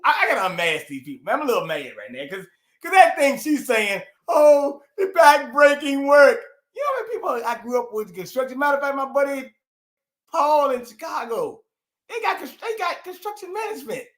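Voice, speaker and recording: A man hosting an online show, ranting loudly and mockingly with heavy cursing in casual commentary. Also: very high voice. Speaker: show host.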